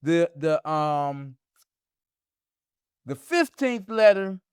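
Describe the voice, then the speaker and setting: A man teaching in a religious discussion, often stopping to ask "huh?" to check that his listeners follow, and pushing up his pitch and force to stress a point. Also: very animated, very slow, clean tone, no room sound, clean studio sound.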